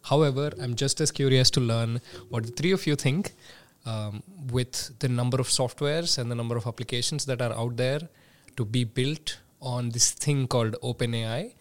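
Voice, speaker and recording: A man's voice: mid-range voice, normal speed. A man from southeast India, a guest on a podcast, explaining politely and thinking aloud. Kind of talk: conversational explanation.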